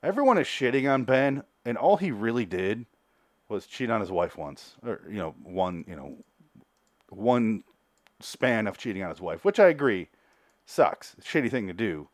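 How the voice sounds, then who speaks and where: A podcast host with a fairly low voice and lively intonation recaps a TV episode casually, wandering from point to point with sarcasm and lots of cursing. He acts out characters' dialogue in rapid asides, and there's no echo.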